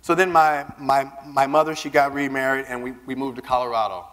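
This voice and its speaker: A man giving a keynote speech, telling personal stories in an animated way and acting out the voices of the people he quotes. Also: medium pitch, brisk. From Southern United States. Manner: animated, acts out quoted voices, repeats words when starting a line. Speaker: keynote speaker. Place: large conference hall. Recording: reverberant hall.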